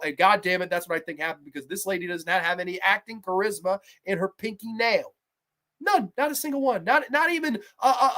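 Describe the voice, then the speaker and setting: A woman in her thirties tears into a horror sequel with a foul mouth and biting sarcasm. She drops to grumbling lows, then jumps to loud, exasperated outbursts. Her voice sits at an ordinary middle pitch for a woman. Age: 30s. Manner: foul-mouthed, sarcastic, swings from mutters to shouts. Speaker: horror movie reviewer, show host. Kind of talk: profane ranting movie review.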